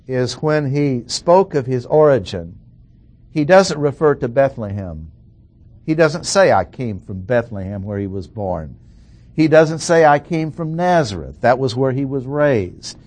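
A middle-aged man teaching a Bible lesson in a slow, deliberate way, repeating key phrases for emphasis. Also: mid-range voice, darkish tone.

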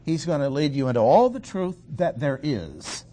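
A man giving an expository Bible lecture, explaining a passage in a measured way and stressing key words. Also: a little high, big pitch swings, dark tone. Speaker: Bible teacher.

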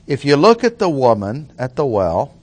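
A man's voice: medium pitch, very animated, normal speed, darkish tone. A man teaching through a Bible passage verse by verse, stressing key words with plain-spoken asides. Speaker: preacher.

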